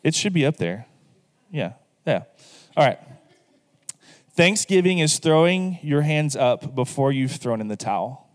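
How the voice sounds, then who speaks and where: A male pastor delivering a sermon in a church sanctuary, his voice smooth and resonant. He talks earnestly and directly to the people in front of him, then leads them line by line in prayer. A long hall reverb trails behind his words. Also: fairly high pitch, expressive, measured pace.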